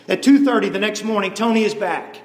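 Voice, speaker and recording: A man preaching a sermon as an animated storyteller, voicing each character as he goes. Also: high voice, a little fast. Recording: echoey hall with long reverb.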